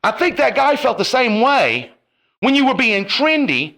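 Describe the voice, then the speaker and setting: A man's voice: very high-pitched, big pitch swings, normal speed, sharp tone. A man delivering a profane, confrontational rant to camera, his heat rising and falling. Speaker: online commentator.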